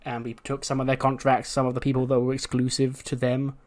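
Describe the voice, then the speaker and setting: Casual guy narrating his wrestling sim run, swears a lot, mid pitch. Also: monotone, fairly quick, a little mellow. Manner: chatty, sweary, acts out scenes. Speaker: game video host. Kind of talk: casual playthrough commentary.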